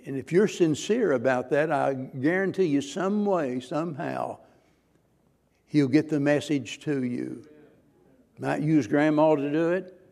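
A man's voice: on the high side, unhurried, gravelly, darkish tone. A man preaching a sermon as pastor, earnest and questioning, pressing his listeners with rising, emphatic points.

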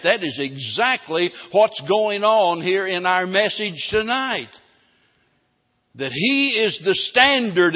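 Pastor, male, high-pitched and emphatic, drawn-out stressed phrases, muffled lo-fi church recording. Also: long reverb tail. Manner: emphatic preaching, slowing down to stress key phrases. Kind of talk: sermon.

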